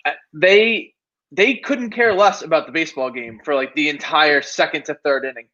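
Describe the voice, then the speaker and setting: A man's voice: on the high side, normal speed, sharp tone, muffled recording. A man co-hosting a casual sports podcast, sarcastic and exasperated, firing off rhetorical questions. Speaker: podcast co-host.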